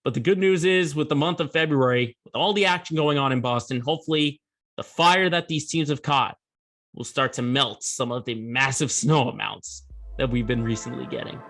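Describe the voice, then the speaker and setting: A man's voice: mid-range voice, normal speed, a bit bright. A man hosting a sports podcast, giving opinionated, conversational commentary with emphatic bursts.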